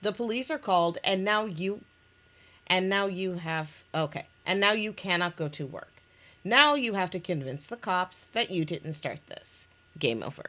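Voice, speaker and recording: A lowish, animated voice, pushed and bright, carries at a normal speed as she presents her own interactive story game. Chatting casually, she reads the scenes aloud, restarting here and there and laughing.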